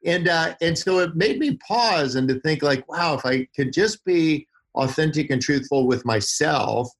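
A man's voice: a little high, lively intonation, a little slow, slightly rough. A man, a podcast guest, giving advice through folksy stories and vivid images. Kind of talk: podcast interview.

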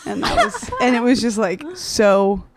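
A woman's voice: a little high, wildly swooping pitch, unhurried, very noisy. A young adult woman co-hosting a casual podcast, telling a story in a rambling, self-deprecating way with frequent laughs. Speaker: podcast host.

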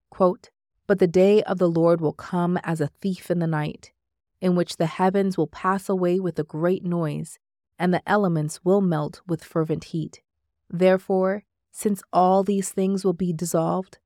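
A woman reading a devotional book aloud in measured scripted narration, marking each quotation as she goes. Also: lowish voice, fairly even intonation, darkish tone, no echo, clean studio sound.

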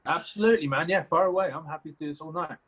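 This young adult guest, a reality competition contestant, speaks very fast in a slightly high, fairly bright voice with a breathy edge. The interview audio is slightly muffled and lo-fi, and he's casual, rambling, and candid, with some swearing.

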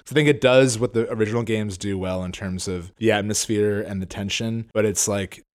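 Lively young man in casual chat. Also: on the low side, brisk. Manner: laughs often, animated retelling with quoted lines. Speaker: podcast co-host.

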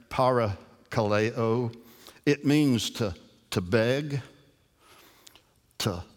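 A man preaching a sermon as pastor. He often repeats words as he starts and moves from quiet to forceful emphasis. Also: mid-range voice, in a large hall.

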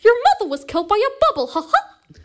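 A woman doing an impression of a cartoon mouse, with a very high falsetto squeak and a gleeful cackle. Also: huge pitch swings, quick pace, full character voice. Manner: gleefully cackling over a dark line. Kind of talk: podcast impression.

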